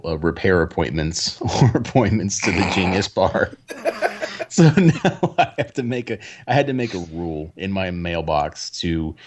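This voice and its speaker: A man with a very low voice chats on a podcast. His talk is halting, full of "uh" and restarts as he circles his point. He stays casual and conversational. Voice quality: halting, many restarts and fillers. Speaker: podcast co-host. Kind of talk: casual chat.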